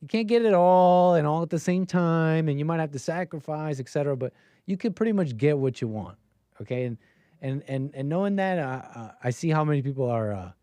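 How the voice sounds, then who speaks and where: A man's voice: mid-range voice, mellow, no echo. A man hosting a live stream, reacting to a video clip in casual, sarcastic and rambling commentary that often repeats itself.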